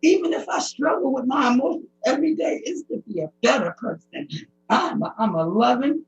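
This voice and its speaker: A middle-aged woman from the United States giving emotional, pleading personal testimony as a public commenter, her speech halting. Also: high voice, lively intonation. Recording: dull lo-fi recording.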